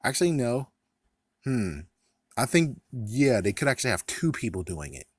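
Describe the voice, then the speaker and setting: A man's voice: mid-range voice, sing-song, normal speed, dry recording, clean studio sound. A man in casual movie commentary, rambling, swearing and laughing at his own jokes. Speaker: vlogger.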